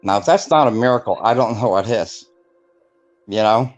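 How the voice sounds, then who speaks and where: A man's voice: on the low side, normal speed, highs cut off, soft background music. A man telling his life story in a casual interview, rambling with many fillers and acting out the voices of people he quotes. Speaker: guest telling his testimony.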